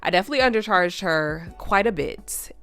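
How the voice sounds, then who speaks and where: A woman's voice: lowish voice, expressive, fairly quick, dry recording. A young woman who runs a nail channel, chatting casually with a stuffy nose, full of "y'all" and "like". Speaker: nail tech vlogger. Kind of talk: casual chat over a tutorial. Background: soft background music.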